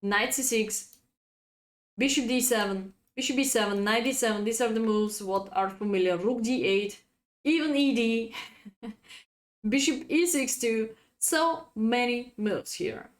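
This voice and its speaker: Bulgarian-native lady doing a chess stream, talks slow, kinda high voice, chatty and giggly with chat. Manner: chatty, laughs often, reads chat aloud. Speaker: chess coach streaming a lesson. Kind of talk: live-streamed chess lesson.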